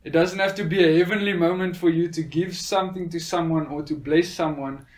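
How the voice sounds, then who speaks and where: Earnest man with a slightly high voice. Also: steady tone, fairly quick. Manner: earnest, with frequent hesitant fillers. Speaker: speaker sharing a faith testimony. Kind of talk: personal faith testimony.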